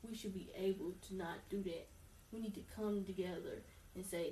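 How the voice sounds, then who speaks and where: A woman's voice: mid-range voice, steady tone, normal speed, mellow. A woman co-hosting a casual opinion talk, earnest and pleading, acting out the thoughts she quotes. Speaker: co-host. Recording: echoey room, distant mic, faint background noise.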